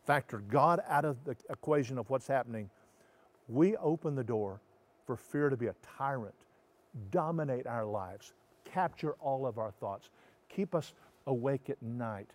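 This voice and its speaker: A man, a pastor, preaching a sermon. He swings from loud emphatic lines to soft, slow, hushed passages. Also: medium pitch, animated.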